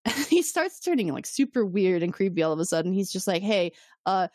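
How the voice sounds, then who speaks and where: Animated woman recapping with lively pitch. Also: normal speed, no room sound, clean studio sound. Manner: animated storytelling, acts out characters' lines. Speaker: podcast co-host recapping episodes. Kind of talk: casual chat.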